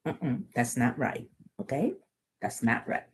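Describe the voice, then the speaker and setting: A woman's voice: a bass voice, very animated, unhurried. A woman reading a children's book aloud, chatting and explaining words and lessons to young listeners. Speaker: storytime reader.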